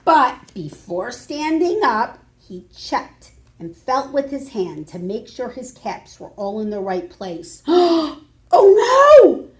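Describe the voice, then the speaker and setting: Animated woman reading to children. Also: mid-range voice, takes it slowly, hardly any pauses. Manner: expressive, with dramatic gasps and kids' prompts. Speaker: children's librarian. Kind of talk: storytime read-aloud for children.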